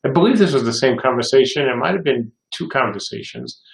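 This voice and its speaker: Older man with a gravelly voice, roomy sound. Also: medium pitch, animated, fast talker. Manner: reads viewer questions aloud, answers in rambling anecdotes. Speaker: game studio head hosting a livestream. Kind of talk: casual livestream Q&A. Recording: roomy echo.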